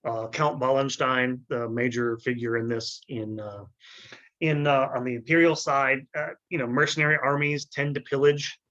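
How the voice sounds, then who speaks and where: A man giving an unscripted history lecture, halting and full of fillers and restarts, often clearing his throat. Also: mid-range voice, steady tone, fairly bright tone, muffled recording.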